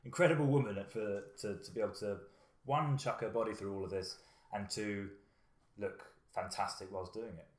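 A man's voice: lowish voice, normal speed, roomy sound. A man co-hosting a casual film review chat, rambling and circling back as he makes his points. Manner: rambling, with frequent fillers and restarts. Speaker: podcast co-host.

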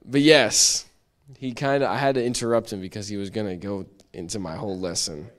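A man leads a church Bible study in a casual, talkative way. His voice sits on the lower side, and he laughs at himself and restarts sentences as he goes. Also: fairly quick. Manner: chatty and self-deprecating, with frequent restarts.

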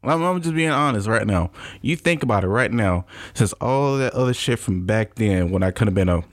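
A man's voice: lowish voice, animated, a little fast. A young man producing and co-hosting a podcast, talking in an earnest, insistent way and repeating himself in casual chat.

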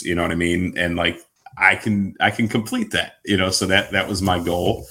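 A man co-hosting a podcast, talking loosely with laughs and asides. His voice sits very low with a gravelly edge. The delivery is casual and easygoing. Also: little pitch movement, normal speed, bright, forceful tone.

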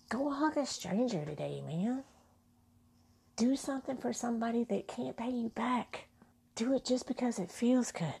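A woman's voice: fairly high pitch, normal speed, creaky, dark tone, slightly rough. A woman vlogger telling a personal story in an earnest, heartfelt way, with restarts.

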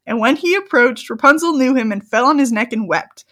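Young woman, higher voice, reading a fairy tale, giggly asides, casual chat. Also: lively intonation, a little fast, a bit bright. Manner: giggly, reads old-fashioned text then breaks into joking commentary. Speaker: story reader and co-host.

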